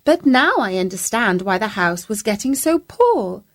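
A woman narrating a children's story in an expressive, playful, chatty way, speaking as the mouse. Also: mid-range voice, normal speed.

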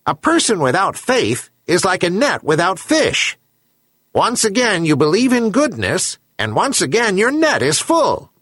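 A man's voice: sits high, huge pitch swings, measured pace, a bit bright, slightly rough, no room sound, voice pushed up, exaggerated voice. A man voicing a wise, solemn herring gull in a storybook reading.

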